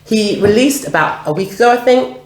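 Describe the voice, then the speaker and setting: A woman's voice: fairly high pitch, lively intonation, brisk. A woman hosting an eating vlog, chatting casually and leading the talk with questions. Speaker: vlog host. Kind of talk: casual chat while eating. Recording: roomy echo, faint noise.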